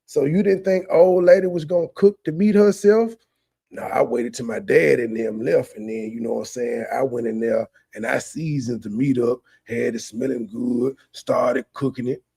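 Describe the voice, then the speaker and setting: A man's voice: mid-range voice, steady tone, moderate pace, gravelly, mellow, breathy edge. A man giving casual, profane, mocking commentary on a clip as a streamer, heckling and mimicking the people in it.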